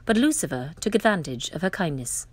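A woman reading a children's story aloud as the storyteller, in an expressive, lilting way. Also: sits low, brisk, breathy edge, no room sound.

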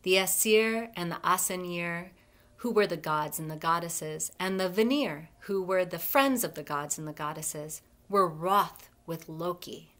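Brief: library storyteller, woman, measured expressive read-aloud. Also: fairly low pitch.

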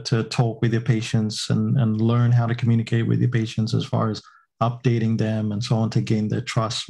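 English guy hosting a panel, kinda gravelly and dark sounding, lots of ums and restarts. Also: mid-range voice. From England. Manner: hesitant, many fillers and restarts. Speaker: panel moderator.

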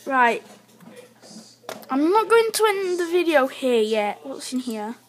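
A female gamer with a high voice provides live gameplay commentary, chatting about her own play at an unhurried pace and letting out excited yelps.

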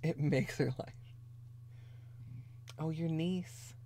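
Speaking extremely slowly in a low, mellow voice, a woman chats her way through a relaxed nail polish livestream in her bedroom, full of fillers as she responds to viewers. Her desk mic catches slight background noise, and she occasionally moves away from it.

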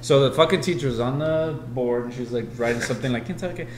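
Fast-talking man in an echoey room. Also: mid-range voice, slight background noise. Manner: animated storytelling, swears a lot, acts out his younger self. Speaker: podcast co-host. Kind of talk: casual chat.

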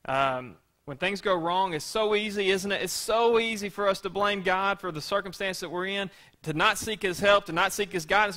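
A man's voice: sits high, normal speed, pushed and bright. A man preaching a sermon as pastor in a conversational way, asking the congregation rhetorical questions.

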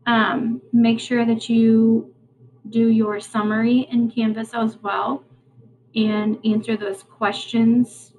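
A woman teacher reading a novel aloud to her class, unhurried and plain, with small slips and restarts. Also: on the high side, level tone, a little mellow, slight background noise, rough recording.

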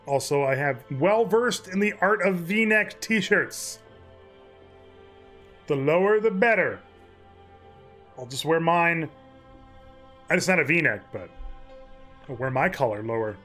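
Male streamer, high-pitched, goofy crude game commentary. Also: animated, slow pace, pauses often, a bit bright, soft background music. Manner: joking, laughing, crude asides. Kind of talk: casual let's play commentary.

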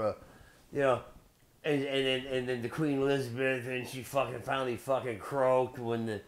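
A man's voice: mid-range voice, little pitch movement, normal speed. Profane rambling Midwestern man. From Belleville, Illinois. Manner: profane, rambling, goes off on tangents; loose, beer-drinking delivery. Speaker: video blogger host. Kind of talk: casual rambling monologue.

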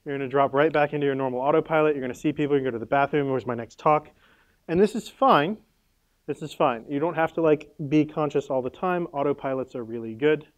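A man's voice: on the high side, fast, highs cut off. A man presenting at a conference workshop, casual and playful, with lots of "like" and "right?" and the odd sound effect.

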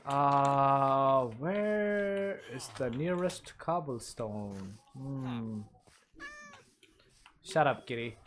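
A young man giving casual let's-play commentary, mumbling asides and bursting into loud yelps and cheers. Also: medium pitch, animated, extremely slow, slight background noise. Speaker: gaming commentator.

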